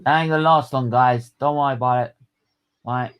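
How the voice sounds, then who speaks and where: An excitable man chats casually as host of a live stream. He laughs often and his voice sits in an everyday middle range. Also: medium pitch, a little fast, highs cut off, slight background noise. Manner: excitable, laughs a lot, shouts when retelling. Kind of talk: casual watchalong chat.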